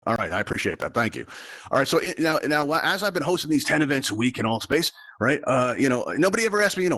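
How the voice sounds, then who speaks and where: A man's voice: a little high, lively intonation, fast talker, fairly bright tone. A man hosting a live virtual game show, talking straight to his audience in a chatty, rambling showman manner.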